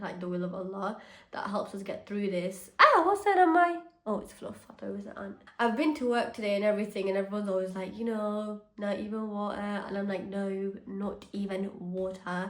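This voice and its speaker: A woman's voice: medium pitch, roomy sound. A young woman vlogging to her phone at home, chatty and sincere, often emotional and grateful. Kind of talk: casual vlog talk to camera. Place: home, indoors.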